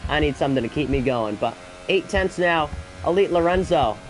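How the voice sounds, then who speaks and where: Breathless excitable man calling a sim race. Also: a little high, brisk, soft background music. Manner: excitable, rising to shouts in battles, chatty asides. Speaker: esports race commentator. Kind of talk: solo live race commentary.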